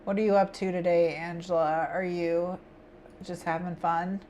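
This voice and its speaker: Female stream host with a lowish voice, loose and chatty, talks through her plans to viewers. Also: flat delivery, moderate pace, warm tone, slight background noise. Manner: rambling, thinks aloud, chatty asides to chat. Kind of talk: casual chat with viewers while planning.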